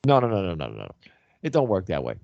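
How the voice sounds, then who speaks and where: An older man hosts a casual talk show, wandering through his thoughts and circling back on his words. His voice sits low and mellow. The recording is dull, dry and lo-fi. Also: huge pitch swings, fast talker, creaky, no echo. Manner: rambling, repeats words, trails off. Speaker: host.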